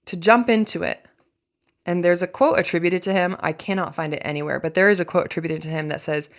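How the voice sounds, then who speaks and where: A young adult woman hosting a podcast, speaking candidly in a deep voice that frays into fry, blunt and swearing freely with wry asides. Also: quick pace. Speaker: podcast host. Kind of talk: candid personal monologue.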